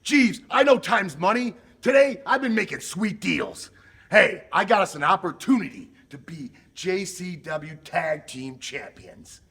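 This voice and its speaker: A man in a backstage wrestling skit, eagerly pitching a deal and pleading with his partner. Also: expressive, a little slow, a bit bright.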